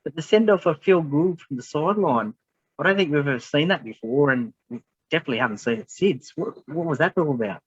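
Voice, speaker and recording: A man's voice: on the high side, quick pace, breathy edge, no echo. Male host on a dull, dry mic. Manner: relaxed, short affirmations and rambling questions. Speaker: podcast host. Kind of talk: casual interview.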